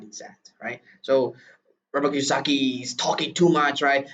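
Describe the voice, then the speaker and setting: This teacher, a native Burmese speaker from Myanmar, gives an English lesson with a Burmese accent in a medium-pitched, a bit bright voice. His intonation is fairly even and his speed normal as he walks through each step, often adding "right?", captured on a distant, dull lo-fi recording.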